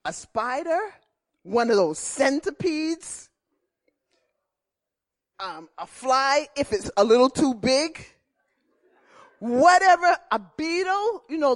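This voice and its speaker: A middle-aged woman preaching a sermon, telling personal stories in an animated way and repeating key phrases. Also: a little high.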